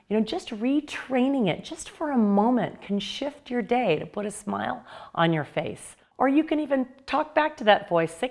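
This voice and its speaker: A woman's voice: a little high, lively intonation, normal speed, creaky, a little mellow. A woman hosting a self-help video, giving an upbeat motivational talk to camera built on personal anecdotes.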